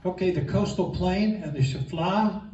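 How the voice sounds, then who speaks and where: A man's voice: fairly high pitch, measured pace, dark tone, slight background noise. A man teaching a Bible geography class in an enthusiastic, conversational way, with fillers, recorded from a distance in an echoey room. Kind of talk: informal class lecture. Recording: echoey room, distant mic, dull sound.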